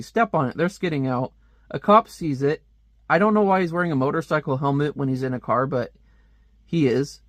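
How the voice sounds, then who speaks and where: A man's voice: on the high side, lively intonation, a little fast, no echo, studio quality. A man giving casual, joking commentary while reviewing a comic book page by page. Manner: chatty, joking asides.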